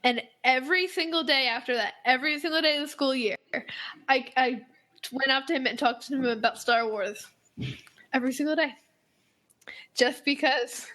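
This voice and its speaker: A teenage girl in casual chat, talking in an animated, rambling way with many fillers and restarts. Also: high voice, moderate pace. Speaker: co-host.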